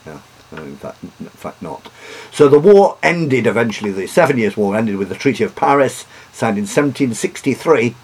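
A man's voice: medium pitch, very animated, moderate pace, darkish tone, breathy edge. A man giving a history lecture, hesitant, with many fillers and restarts.

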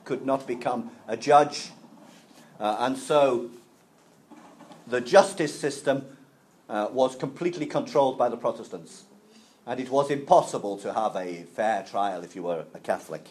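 A man of medium pitch and a slightly mellow tone teaches a history class, breaking concepts down simply for students. His talk is halting, with frequent filler sounds and restarts, and the recording quality is low.

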